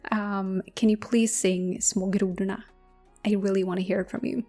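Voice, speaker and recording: Young female ASMR creator, dark mellow tone, soft-spoken Q&A, drifts into whispers. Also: medium pitch, level tone, faint music behind. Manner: slow, intimate, drifting into whispers with soft laughs.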